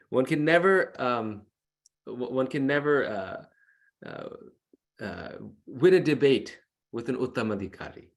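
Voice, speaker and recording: A man's voice: mid-range voice, sing-song, a little slow, gravelly. Male devotional lecturer, earnest storyteller, video call audio. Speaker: devotional class speaker.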